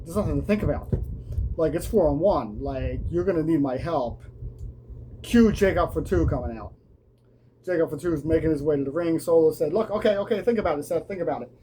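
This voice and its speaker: A man's voice: a little high, warm tone, slight background noise, rough recording. A man hosting a casual wrestling show review, talking loosely with fillers and acting out the wrestlers' lines. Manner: casual, lots of ums and restarts, acts out quotes. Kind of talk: casual recap chat.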